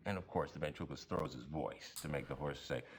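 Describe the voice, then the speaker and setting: A man's voice: rumbling low, quick pace, a little hiss or hum. A man telling a long joke as a comedian character in a video game, chuckling as he goes. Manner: chummy storyteller with chuckles. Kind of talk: digitized game dialogue.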